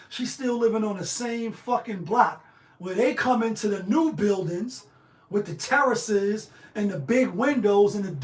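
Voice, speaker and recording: A man hosting a livestream, delivering a profane, fiery monologue. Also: sits high. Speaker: livestream host. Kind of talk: heated monologue. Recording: echoey room.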